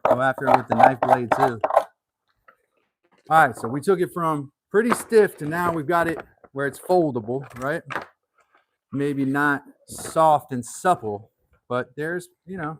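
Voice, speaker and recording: A man hosting a livestream from his workshop, chatting in a relaxed, folksy way and thinking aloud as he works on leather. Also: fairly high pitch, measured pace, noisy background. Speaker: host of a woodworking and leathercraft channel. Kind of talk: casual livestream how-to chat. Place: home workshop.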